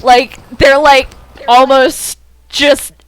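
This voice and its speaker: A woman narrating a tabletop game as game master, animated and full of fillers. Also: sits high, extremely slow, background noise.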